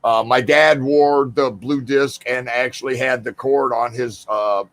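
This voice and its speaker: A man's voice: medium pitch, fairly even intonation, a little slow, fairly bright tone, no echo. A middle-aged man chatting casually with fellow veterans, laid back as he sets a detail straight. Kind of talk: casual chat.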